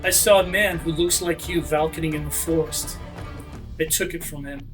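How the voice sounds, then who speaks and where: A man voicing a fearless wild woman warrior who talks in a low, cool, unbothered way. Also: steady tone, normal speed, over music, lightly acted. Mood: cool menace. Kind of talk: tabletop game voicing.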